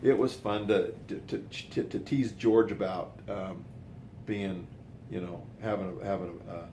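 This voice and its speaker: An older man with a fairly low voice tells a personal story at an easygoing pace. He rambles, restarts his words and goes off on small asides as he talks. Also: fairly even intonation, measured pace, warm tone, slight background noise.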